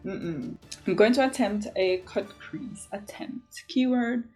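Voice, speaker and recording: A Jamaican woman, originally from Jamaica, chatting casually to her viewers as a beauty vlogger, telling stories in an animated, emphatic way and saying "like" often. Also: on the high side, unhurried, soft background music.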